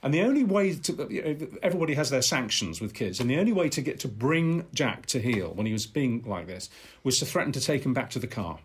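Older male guest, raspy, rapid, very expressive storyteller with halting restarts. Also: medium pitch. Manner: animated, halting restarts, acts out voices. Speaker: podcast guest. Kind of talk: anecdotal storytelling.

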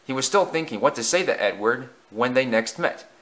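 Man reading a storybook with lively pitch. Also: brisk. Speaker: narrator. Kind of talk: storybook narration.

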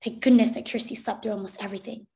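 A woman reads a children's novel aloud in a fairly high, expressive voice. She narrates clearly and steadily, the way a teacher reads to a class. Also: fast talker. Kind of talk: storybook read-aloud narration.

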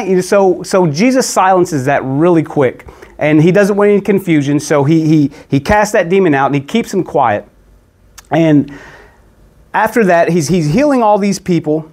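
A man gives a relaxed Bible teaching with a slightly higher-than-usual voice. He talks conversationally, stumbling and repeating words as he goes. His lines often break off and start again. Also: normal speed.

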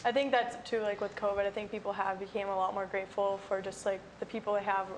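A woman's voice: medium pitch, little pitch movement, fast talker, a little hiss or hum, rough recording. A young adult woman, a college student guest, chatting upbeat with lots of fillers. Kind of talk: casual interview chat.

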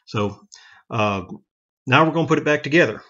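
A man's voice: medium pitch, animated, very noisy. Guy walking through a gun teardown, plain talk, lots of restarts, kinda dull lo-fi audio, clicking parts. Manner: plain-spoken, halting, frequent restarts and self-corrections. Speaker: gun hobbyist demonstrating revolver repair. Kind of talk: casual how-to demonstration.

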